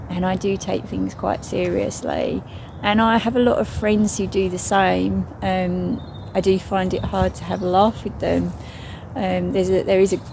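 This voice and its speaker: British woman vlogger, gravelly mid-pitched voice, chatty and exasperated, noise behind. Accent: British English. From United Kingdom. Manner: chatty, exasperated, rambling with fillers. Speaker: angel card reader. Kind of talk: casual spoken vlog.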